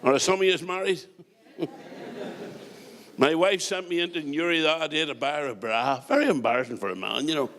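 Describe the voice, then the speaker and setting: A middle-aged comedian and compere with a Northern Irish accent does stand-up, firing off jokes and quick punchlines along with chatty asides to the crowd. His voice is fairly high and fairly bright.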